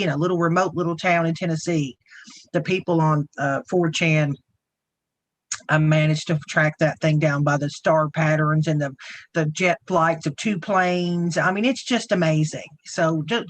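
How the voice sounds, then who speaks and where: A woman with a Southern US accent, co-hosting a casual round-table livestream in a folksy, rambling way. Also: low-pitched. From Southern United States. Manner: chatty, folksy, rambling with frequent restarts. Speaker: co-host.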